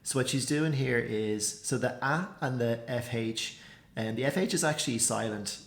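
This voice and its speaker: A man's voice: mid-range voice, normal speed, creaky, roomy sound. A man giving a casual spoken language lesson, chatty and loose, with plenty of "like" and "so" fillers. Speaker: language teacher.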